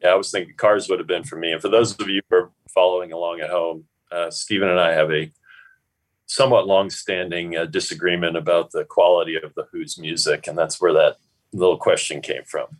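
A man hosts a casual chat in a very low, deep voice. He talks in a measured way with dry humor. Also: level tone, poor audio. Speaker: host.

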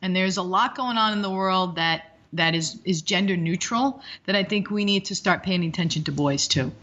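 Woman, fifties, bright voice, energetic, rambling, interview guest, dull recording. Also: on the low side, moderate pace. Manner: energetic, rambling, animated storytelling. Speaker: hockey coach guest. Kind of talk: casual interview chat.

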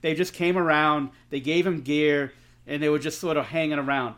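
Man, middle-aged, animated storyteller, casual swearing, slightly high voice. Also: normal speed. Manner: animated storyteller, swears freely, acts out quotes. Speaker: podcast co-host.

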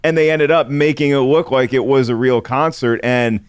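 A man's voice: mid-range voice, level tone, moderate pace, smooth, no room sound, clean studio sound. A man co-hosting a casual chat, thoughtful and earnest, sometimes stumbling on words.

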